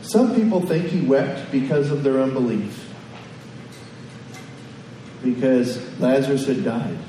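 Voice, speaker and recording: A man's voice: mid-range voice, measured pace, mellow, recorded from a distance, a little hiss or hum. Man preaching in an echoey hall. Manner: conversational preaching with questions to the congregation. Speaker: pastor. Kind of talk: sermon.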